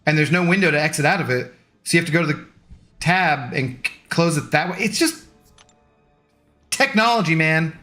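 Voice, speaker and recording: A man's voice: a little high, fast, sharp tone. A young adult man streaming, chatting casually with viewers in a rambling, easygoing, self-deprecating way. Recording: faint music underneath.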